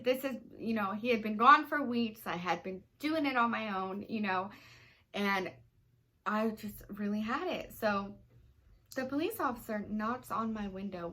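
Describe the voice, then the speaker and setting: A woman's voice: a little high, pushed and bright. A young woman vlogger telling a personal story in a rambling, emotional way, full of "you know" fillers. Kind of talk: storytime vlog.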